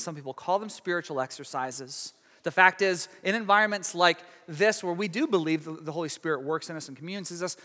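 The sermon comes from a pastor whose voice is high, bright, and ringing, delivered in a casual, conversational way full of restarts. Big moments swell and quiet ones drop dramatically to a near hush, with a long reverb trailing after him through the large hall.

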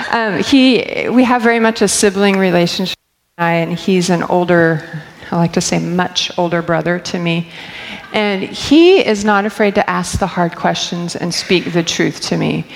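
Chatty woman, gravelly low voice, hall echo. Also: a little slow, slight background noise. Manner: candid, chatty, laughs often. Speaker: church staff member speaking. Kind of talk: personal storytelling talk. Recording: long hall reverb.

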